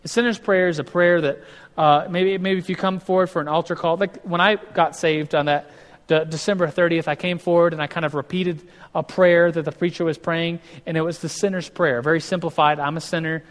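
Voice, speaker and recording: Speaking a little quickly with a steady tone and a voice on the high side, this pastor teaches a relaxed, chatty sermon. He restarts sentences frequently and voices other people's words as acted-out quotes, all under long hall reverb.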